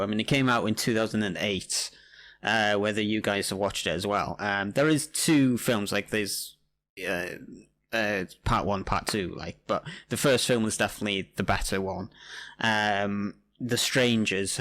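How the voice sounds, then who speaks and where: Hesitant, rambling low-voiced man. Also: a little slow, fairly bright tone. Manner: rambling, hesitant, many fillers. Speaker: podcast co-host. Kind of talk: casual chat.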